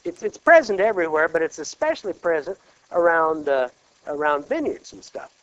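A man's voice: a little high, brisk, muffled recording. A man from Kansas preaching a sermon, often checking in with his listeners through rhetorical questions. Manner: animated, peppered with rhetorical check-ins.

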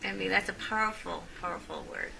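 Congregant, female, low gravelly voice, hesitant, picked up from a distance with noise. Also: fairly even intonation, a little fast, pushed and bright. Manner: hesitant, casual, with fillers. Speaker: congregation member. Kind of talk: speaking up during a sermon. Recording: distant mic in a noisy room.

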